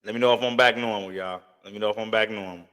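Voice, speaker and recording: A man's voice: lowish voice, steady tone, fast talker, fairly bright tone, clear, resonant tone. A man hosting a live stream, chatting casually with viewers in a loose, slangy way, repeating himself and thinking aloud. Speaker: livestream host.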